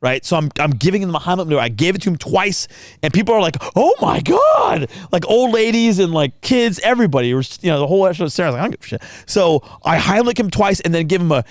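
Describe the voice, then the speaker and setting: A man co-hosting a podcast in casual chat, telling a story with lively acted-out quotes. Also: sits high, rapid-fire, dry recording, studio quality. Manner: animated storyteller acting out quotes. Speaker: podcast co-host.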